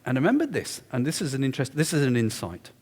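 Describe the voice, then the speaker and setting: Man, lecturer, animated storytelling, echoey lecture hall. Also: mid-range voice, fast talker, husky. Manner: animated, confiding, emphatic. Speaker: guest lecturer.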